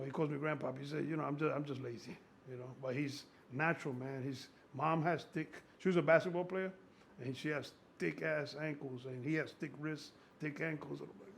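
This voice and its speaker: Gravelly, excitable man in his sixties. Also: a little high, a little hiss or hum. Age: 60s. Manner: excitable, profane, rambling storyteller. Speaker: strength coach. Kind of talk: casual conversation.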